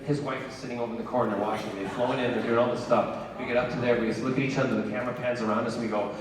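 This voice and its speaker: A man's voice: medium pitch, level tone, racing, crowd noise. A man telling a story to a convention panel audience, playful and theatrical, acting out the people in it. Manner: playful, theatrical, acts out the people in his stories. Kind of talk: animated storytelling to a live audience. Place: large convention hall. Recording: echoey hall, mic heard from far off.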